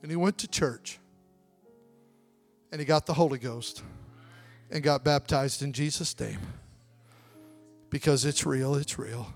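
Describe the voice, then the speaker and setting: A young man preaching a sermon, telling a family story and then building to loud, shouted appeals. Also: medium pitch, measured pace, gravelly, long pauses, soft background music.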